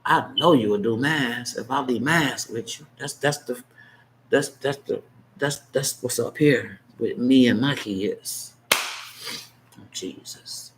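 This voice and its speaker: A man in his fifties delivering an unscripted, emotional monologue as a vlogger, blunt and impassioned, swinging between heated outbursts and hushed, choked-up asides. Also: medium pitch, a little slow, a little hiss or hum, rough recording. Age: 50s.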